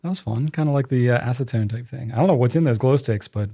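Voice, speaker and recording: A man's voice: medium pitch, quick pace, dark tone. A man co-hosting a casual podcast chat, telling loose stories in an easygoing way and laughing often. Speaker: podcast co-host.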